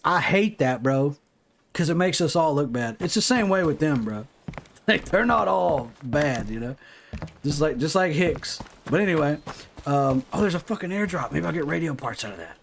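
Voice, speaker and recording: A man talking loosely while he plays on a livestream, his voice a touch high for a man. He swears freely and wanders from story to story, with a faint hiss of background noise. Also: expressive, normal speed, vocal fry. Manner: profane, rambling storytelling. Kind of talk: casual gaming livestream chat.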